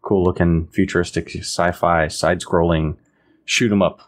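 A man's voice: sits low, steady tone, normal speed, slight background noise. A man from the United States co-hosting a podcast, talking in a laid-back, rambling way with many fillers. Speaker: podcast co-host. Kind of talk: casual podcast chat.

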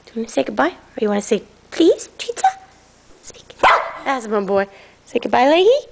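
Woman dog owner at home, high sing-song coaxing voice. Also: big pitch swings, moderate pace, vocal fry, darkish tone, slight background noise. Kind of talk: casual home video, talking to her pets.

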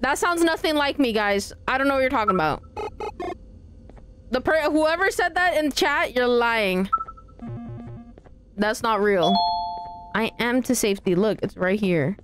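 A woman's voice: on the high side, expressive, a little slow, pauses often, over music. Chatty woman streaming a game. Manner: chatty, playful, talks to chat. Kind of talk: live gameplay commentary.

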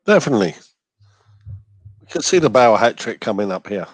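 Brief: man, lowish voice, dry close sound, wry football co-host. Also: sing-song, fairly quick, breathy edge, no room sound, rough recording. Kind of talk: live football watch-along chat.

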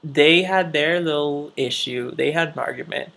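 A woman's voice: deep voice, moderate pace, creaky, a bit bright. A woman vlogger chatting casually while recapping TV shows, swearing freely and laughing often.

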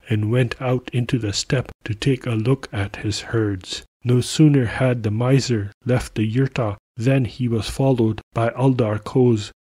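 A male storyteller reading a folk tale in an unhurried, measured manner. His voice is a touch husky and the recording is close and dry, without room sound. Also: mid-range voice, darkish tone, dry recording. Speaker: podcast storyteller. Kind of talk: read-aloud folk tale narration.

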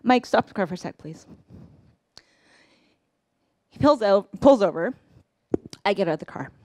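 A woman in her forties telling a personal story on a live storytelling stage, conversational, with pauses and self-corrections. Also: medium pitch, lively intonation, a little mellow, dry recording.

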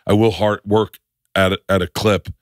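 A man's voice: lowish voice, moderate pace, no echo, clean studio sound. A man hosting a podcast in casual chat, telling stories with lots of swearing and acting out the scenes himself. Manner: animated storyteller, swears freely, acts out scenes. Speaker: podcast host.

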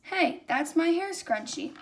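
A woman's voice: extremely high pitch, lively intonation, measured pace, voice pushed up, full character voice. A young woman voicing a sensible young girl who protests insistently, in a storybook read-aloud.

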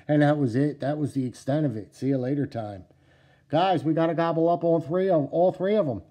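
Excitable New Jersey man, dark voice. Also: on the high side, brisk. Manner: excitable, repeats himself, addresses viewers as "guys" and "yous". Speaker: knife collecting vlogger. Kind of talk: casual chat to camera. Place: at home indoors.

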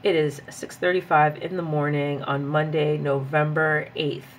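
A young woman talks her way through her daily planning in a loose, rambling chat. She is chatty and easily excited, with faint noise under the voice. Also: sits low, a little slow. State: hyped up on coffee. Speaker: planner vlogger; graduate student and teacher. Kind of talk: casual chat while journaling.

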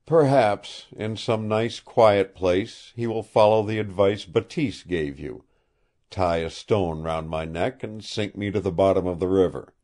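A man's voice: low voice, a little slow, darkish tone. A man reading the part of a young law officer, speaking firmly and with authority. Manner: firm, commanding. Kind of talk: audiobook character reading.

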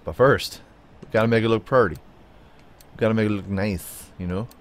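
A man giving playful, chatty gameplay commentary, talking to his car and his viewers. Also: moderate pace. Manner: playful, chatty, talks to the car and viewers, jumps into high silly tones. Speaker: gaming YouTuber.

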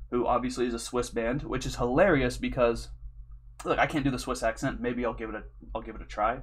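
A young man chats loosely over his gameplay in a voice of middling pitch. He rambles through a long anecdote with plenty of swearing, jokes and "dude". The tone stays casual and unpolished throughout. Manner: rambling, profane and jokey, with frequent "dude" and "you know". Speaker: video game commentator.

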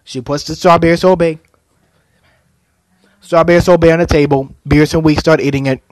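Young man, anime reviewer, casual plot recap, slightly high voice, halting with fillers, dry close sound. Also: fairly even intonation, dry recording. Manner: hesitant, many fillers and restarts.

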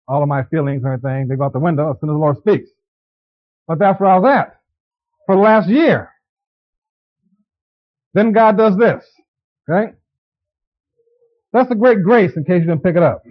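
A man with a notably high voice preaches a sermon, keeping it conversational and turning to the congregation with quick questions. The recording is dull and lo-fi, like an old tape of a church service. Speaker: pastor.

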